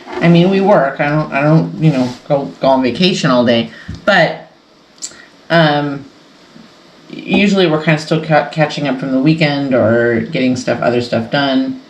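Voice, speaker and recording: A woman's voice: low-pitched, moderate pace, roomy sound, a little hiss or hum, poor audio. A woman hosting a casual sew-along quilting vlog from her home sewing room, talking in a chatty, rambling way and laughing often. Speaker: quilting channel host.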